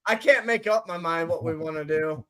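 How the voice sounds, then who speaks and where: A man's voice: a little high, brisk, a crowd in the background. A man on a rowdy comedy podcast, tossing out playful comebacks that often stumble. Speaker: podcast co-host.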